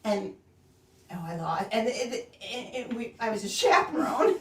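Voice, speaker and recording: A woman's voice: on the high side, big pitch swings, a little slow, noisy background. A middle-aged woman co-hosting a casual stream chat, laughing often and trailing off mid-thought. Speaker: co-host. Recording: roomy echo, distant from the mic.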